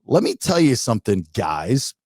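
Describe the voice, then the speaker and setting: A middle-aged podcast co-host with a husky mid-range voice tells a story at normal speed in casual conversation, animatedly acting out what people said. The sound is clean studio audio with no room sound.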